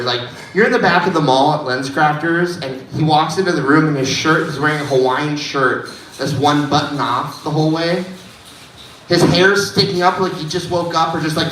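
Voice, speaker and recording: A man's voice: on the high side, fairly bright tone. A man doing a stand-up set at an open mic, telling stories in a laid-back way with frequent "dude" asides. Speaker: stand-up comedian. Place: dive bar comedy room. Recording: echoey bar room, distant mic, faint noise.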